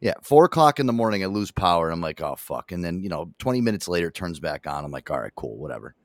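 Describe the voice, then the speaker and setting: A man's voice: low voice, lively intonation, quick pace, no room sound. A man hosting a radio show, telling a story casually and swearing constantly.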